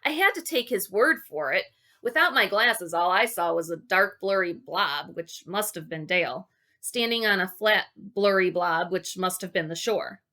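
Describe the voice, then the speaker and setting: A woman reading a children's book aloud, telling the story in an expressive, unhurried way. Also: lowish voice. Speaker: reader.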